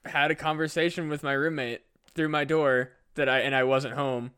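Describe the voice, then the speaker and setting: A man's voice: on the high side, level tone, moderate pace, sharp tone, clear, resonant tone. Rambling young man telling a story. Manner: rambling, profane, many fillers. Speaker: podcast co-host. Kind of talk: casual storytelling.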